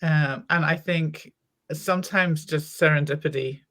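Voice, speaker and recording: A woman's voice: sits low, fairly even intonation, unhurried, fairly bright tone. A woman from Wales, with an American accent carrying a faint Welsh trace, co-hosting a casual podcast chat with hesitant restarts. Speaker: podcast co-host.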